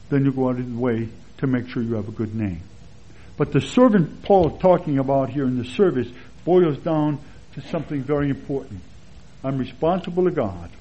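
A man giving a conversational expository sermon as a Bible teacher, relaxed and chatty, with anecdotes and chuckles along the way. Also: mid-range voice, breathy edge. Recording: dull lo-fi sermon recording.

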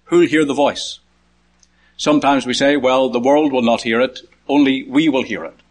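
A man preaching a sermon, counting points through a passage, lifting his voice high to call out quoted words and dropping low for quiet asides. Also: steady tone, moderate pace.

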